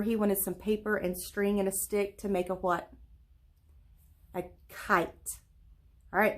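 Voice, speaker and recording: Woman, early-grades teacher; patient, clear, encouraging delivery, mid-range voice. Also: medium pitch. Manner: slow, clear, encouraging, with frequent check-in questions; claps and stretches words into syllables. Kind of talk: virtual lesson for young children.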